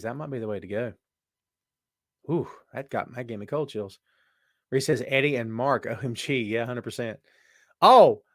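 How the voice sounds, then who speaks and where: A man hosts a live podcast, talking in an easy and animated way as he reads out comments from his viewers. His voice sits at an ordinary middle pitch. The sound is dry and close, with no room echo. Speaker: podcast host. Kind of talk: live-chat wrestling talk.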